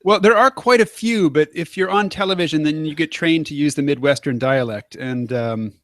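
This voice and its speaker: An American man in casual conversation, explaining things in a measured way with hesitant fillers. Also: a little high, a bit bright, dry recording, studio quality. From United States. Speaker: conversation partner. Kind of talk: casual chat.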